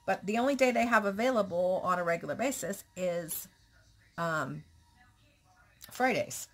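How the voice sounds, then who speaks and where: A woman talking in a casual personal vlog, nervous and candid, halting with restarts and pauses, sometimes dropping into a soft whisper. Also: mid-range voice, expressive, husky. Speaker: vlogger.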